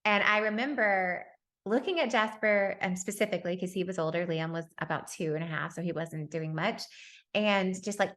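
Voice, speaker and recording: A woman's voice: mid-range voice, fairly quick, fairly bright tone. Candid woman sharing parenting lessons. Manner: candid, self-laughing, many fillers. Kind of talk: personal reflective talk.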